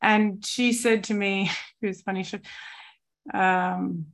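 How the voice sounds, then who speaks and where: A woman in her forties shares her recovery story in a program meeting. She talks in a reflective, searching way, at a middling pitch, and often stops to gather her thoughts with soft fillers. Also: steady tone, moderate pace. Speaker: twelve-step program member sharing her story. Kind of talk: personal recovery testimony.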